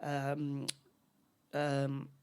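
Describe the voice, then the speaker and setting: A man's voice: medium pitch, monotone, very slow, a little mellow, clear, resonant tone. A man co-hosting a casual film podcast, rambling through the plot with many repeated words and restarts. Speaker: podcast co-host.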